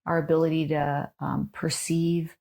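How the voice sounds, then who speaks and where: A middle-aged woman, a trauma therapist, speaking slowly and explaining things in a measured way. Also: sits low, flat delivery, gravelly, warm tone. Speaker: neuropsychologist and trauma therapist guest. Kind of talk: interview conversation.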